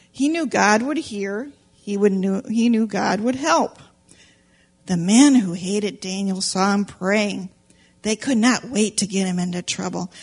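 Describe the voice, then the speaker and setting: A woman teaching Sunday school, telling a story to children in an animated, playful way and asking them questions. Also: medium pitch, husky. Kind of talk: storytelling demonstration lesson for children. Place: church classroom with children.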